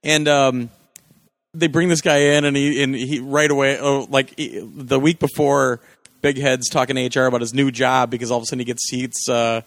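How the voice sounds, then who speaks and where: A man co-hosting a podcast, chatting casually and laughing often as he retells TV scenes with excitement. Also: medium pitch, normal speed, gravelly, no room sound. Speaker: podcast co-host. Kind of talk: casual chat about TV.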